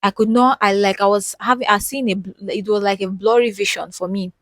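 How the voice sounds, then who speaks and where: A young woman with a Nigerian accent recounts a personal story directly to her viewers. She speaks with deep emotion and keeps repeating words for emphasis, her voice sitting at a middle pitch. The sound is dry and close, with very little room echo. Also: fairly even intonation, fairly quick, a bit bright. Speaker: vlogger.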